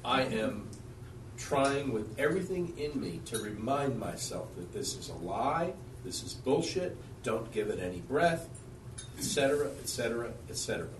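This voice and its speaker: A man's voice: mid-range voice, big pitch swings, moderate pace. Defensive, worked-up man off mic. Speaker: Bible study participant. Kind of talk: heated argument. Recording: roomy, distant, faint noise.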